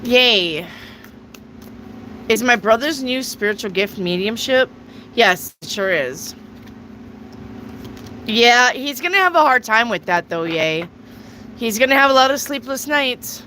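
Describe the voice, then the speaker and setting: A woman's voice: fairly high pitch, expressive, measured pace, pauses often, pushed and bright, a little hiss or hum, poor audio. A woman hosting a casual live tarot reading, chatty, reading viewer questions aloud and answering them. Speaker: tarot reader.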